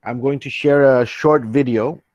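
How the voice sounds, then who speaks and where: A man's voice: medium pitch, fairly even intonation, unhurried, a little mellow, no echo, highs cut off. A man leading an online training session, earnest and reassuring, who often restarts his sentences and reads out questions from the chat. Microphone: computer mic on a video call.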